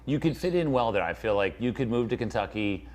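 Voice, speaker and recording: A man hosting a live stream interview, asking questions in a fast, jokey, upbeat way. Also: mid-range voice, animated. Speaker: host.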